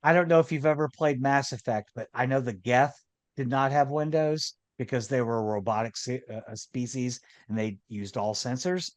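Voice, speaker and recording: A man of middle pitch jokes through a casual podcast chat and laughs easily. His voice is recorded close and dry. He mixes quick asides into his talk. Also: dry recording. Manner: joking, laughs often. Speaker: podcast co-host.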